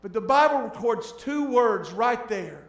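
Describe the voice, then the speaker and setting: A man preaching as a pastor, shifting between hushed, tender lines and loud, emphatic ones. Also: very high voice, expressive, a little slow, gravelly, reverberant. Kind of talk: sermon.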